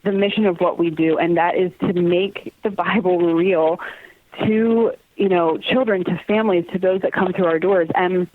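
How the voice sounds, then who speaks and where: A woman's voice: on the low side, moderate pace. Earnest woman on a tinny phone line. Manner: earnest and animated, laughs often, acts out quoted voices. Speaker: guest, theater company communications manager. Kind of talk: casual interview chat.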